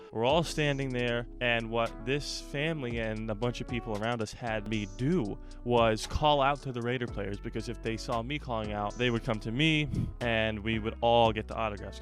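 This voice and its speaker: A young man, host of a fan channel, telling a personal story in a lively, animated way. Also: on the low side. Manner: animated storyteller, acts out shouted quotes. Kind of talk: storytime vlog.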